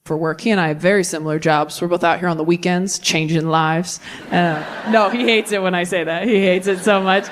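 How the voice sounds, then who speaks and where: A woman's voice: fairly low pitch, fairly even intonation, a little fast, slight background noise. A woman in her thirties doing a brutally honest, self-deprecating stand-up set into a handheld mic on a comedy stage. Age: 30s.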